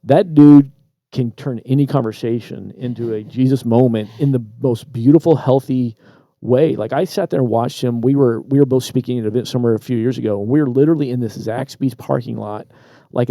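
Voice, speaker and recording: Guy on a podcast telling a story, super mellow dark voice, dry close mic. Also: medium pitch, dry recording. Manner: animated storyteller, quick asides, repeats words. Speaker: podcast co-host. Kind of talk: casual storytelling chat. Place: Traverse City, Michigan.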